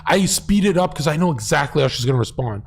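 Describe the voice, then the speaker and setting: A man's voice: fairly high pitch, expressive, fast, vocal fry, husky. A man telling crude, boastful stories in a blunt way on a casual livestream. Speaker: livestream guest.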